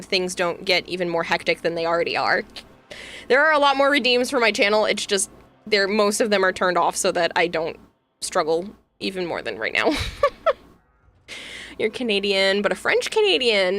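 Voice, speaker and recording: A young woman with a Boston accent chats casually with her stream. Her voice is bright, and she giggles often while answering chat. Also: mid-range voice. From Massachusetts, USA. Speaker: VTuber streamer.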